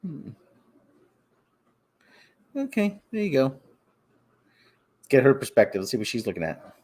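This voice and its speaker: A man's voice: very animated, a little slow, darkish tone. A male host on a casual live stream who coos at his cats in baby talk. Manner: baby-talks to cats in a high coo.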